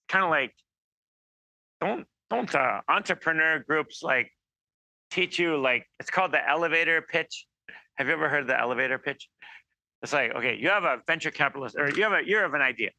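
A man giving an informal sermon, animated and acting out quoted voices, with many restarts. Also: a little high, moderate pace, creaky, long pauses, dry recording. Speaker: preacher.

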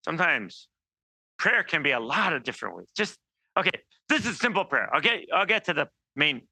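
Animated, bright-voiced male preacher. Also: fairly high pitch, fairly quick, creaky, dry recording. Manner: animated, acts out quoted voices, many restarts. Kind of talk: informal sermon.

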